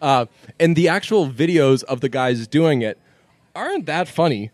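A man's voice: a little high, big pitch swings, normal speed, a little mellow, dry recording. A man co-hosting a podcast, telling stories in a rambling, profane way in casual chat.

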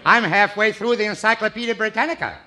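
A man's voice: high voice, bright, forceful tone, some chatter behind. A man hosting a 1940s radio comedy show, bantering in a joking, boastful manner. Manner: joking, boastful, quick comic delivery. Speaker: host and singer. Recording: 1940s radio broadcast recording.

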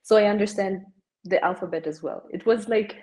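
A woman's voice: medium pitch, brisk, warm tone, low-quality recording. A young woman, chatting casually as a podcast guest and dropping "like" often. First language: German. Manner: chatty, peppers speech with "like". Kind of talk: casual chat.

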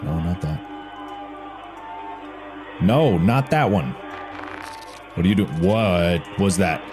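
A man giving excitable gameplay commentary, reacting to a horror game with yelps and bursts of confusion. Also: sits low, takes it slowly, over music. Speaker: gaming video host. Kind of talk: let's-play gameplay commentary.

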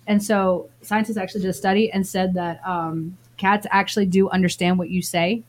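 A woman's voice: medium pitch, fairly even intonation, moderate pace. A woman co-hosting a podcast, telling stories in casual, laughing chat with frequent swearing. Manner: laughing, swearing, chatty storytelling. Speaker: podcast co-host.

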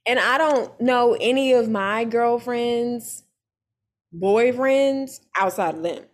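Animated high-voiced woman recapping reality TV. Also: takes it slowly. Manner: animated, profane, mimics cast members. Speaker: podcast co-host. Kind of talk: casual reality-TV recap chat.

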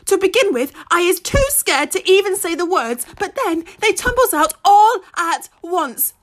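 A woman's voice: extremely high pitch, sing-song, a little slow. A woman narrating a children's story expressively in the first person, using childlike grammar. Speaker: audiobook narrator.

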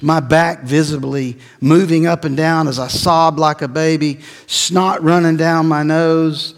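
A middle-aged man delivers a sermon at an unhurried pace, his voice sitting a little high. He tells a personal story, swelling at its peaks and sinking low and quiet. A long reverb of a large hall trails each phrase. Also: flat delivery, creaky. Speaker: pastor.

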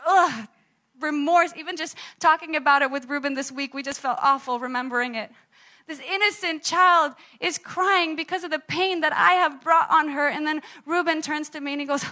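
High, bright-voiced woman preaching. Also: moderate pace. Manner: animated personal storytelling, laughing at herself. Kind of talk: sermon.

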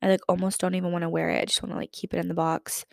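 A woman's voice: fairly low pitch, level tone, rapid-fire, vocal fry, dry recording, clean studio sound. A woman in her twenties hosting a podcast, chatting casually and filling her talk with "like". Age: 20s. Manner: chatty, lots of "like" fillers. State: lingering cough. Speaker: podcast host. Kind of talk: casual chat.

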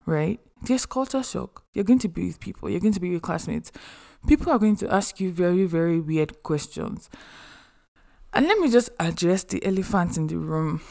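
A young woman talks straight to her listeners in a mid-pitched voice. She is chatty and expressive and slips humorous asides into her advice. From Nigeria. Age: young adult. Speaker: podcast host. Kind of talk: casual advice monologue.

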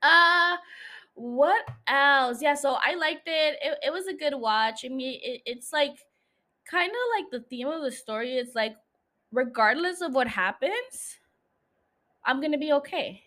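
A woman's voice: high voice, animated, unhurried, bright, forceful tone. A young woman hosting a solo podcast, chatting casually, swearing freely and laughing often. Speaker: podcast host.

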